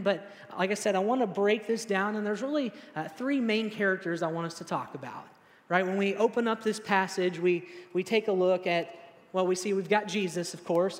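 Young male preacher, casual storyteller who acts out his quotes, high-pitched, reverberant sanctuary. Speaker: pastor. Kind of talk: sermon.

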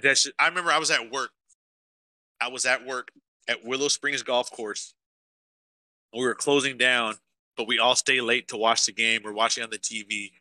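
A man's voice: mid-range voice, sharp tone, no room sound. A young man co-hosting a casual podcast, swearing a lot and ranting emotionally about sports to his live chat. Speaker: podcast co-host.

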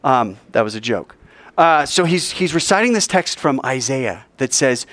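Lively man preaching to students. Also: medium pitch, normal speed, dry recording. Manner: lively, conversational, asks the audience questions. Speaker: speaker at a school chapel. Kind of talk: sermon storytelling.

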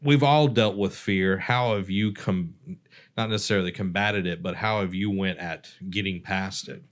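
Low-voiced guy hosting a laid back chat, conversational. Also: normal speed. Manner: relaxed, conversational, leads the topic. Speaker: podcast host. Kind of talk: casual discussion.

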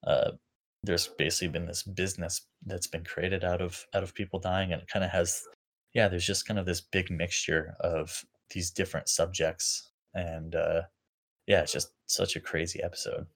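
A young man talking casually as a podcast co-host, reflective and halting, full of fillers and restarts. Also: deep voice, level tone, a bit bright.

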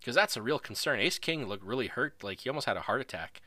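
A man's voice: mid-range voice, animated, fast talker, pushed and bright, dry recording. A man hosting a live stream, casually commentating a video wrestling show, rambling and laughing as he goes.

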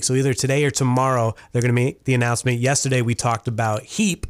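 A man's voice: mid-range voice, steady tone, fast, few pauses, clear, resonant tone, dry recording, studio quality. A man co-hosting a morning radio show, chatting casually and reading news items, rambling with fillers. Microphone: studio microphone.

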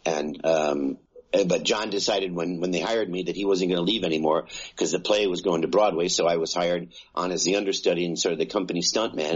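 A man's voice: rumbling low, breathy edge, lo-fi sound. A man in his sixties, an actor telling a rambling anecdote in an interview, full of fillers and acted-out voices. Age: 60s. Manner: rambling, many fillers, acts out quoted voices. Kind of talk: casual anecdotal storytelling.

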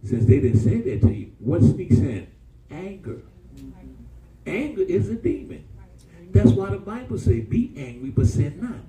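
A man preaching a sermon to a church congregation, calling for responses and mixing humor with warnings. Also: measured pace. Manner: call-and-response preaching, jumps to high excited pitch. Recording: roomy church from far off.

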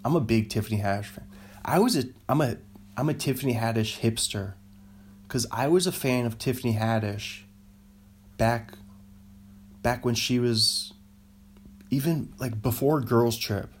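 A man's voice: mid-range voice, a little slow, pauses often, a little hiss or hum. Rambling, giggly podcast guy. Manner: rambling, self-interrupting, laughs at own jokes. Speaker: podcast host. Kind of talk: solo podcast rambling chat.

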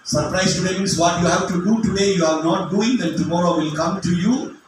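A middle-aged man preaching with passion and non-native phrasing, now and then shouting, recorded from a distance in a large hall. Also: high-pitched, brisk. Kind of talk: sermon. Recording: echoey hall from far off, faint noise.

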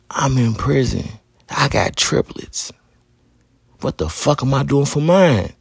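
A man's voice: mid-range voice, very animated, takes it slowly, gravelly, a little mellow, breathy edge, no echo, studio quality. A man in his thirties hosting a podcast, telling his own story in blunt, profane street talk. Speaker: podcast host. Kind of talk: candid personal monologue.

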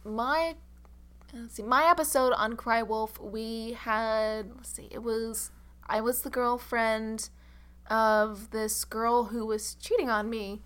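A woman guest chatting on an interview podcast in a slightly high, bright voice. She talks loosely, leaning on fillers and laughing easily. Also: steady tone, slow. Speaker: actress guest. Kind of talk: casual interview chat.

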